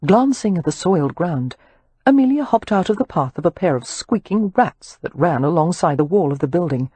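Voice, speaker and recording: A woman narrating an audiobook in an expressive storytelling manner. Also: lowish voice, moderate pace, husky, no room sound.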